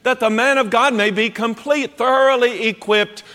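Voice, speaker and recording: Guy preaching a sermon, high bright voice, lively and emphatic, acts out little voices, big echoey church hall. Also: moderate pace. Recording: long hall reverb.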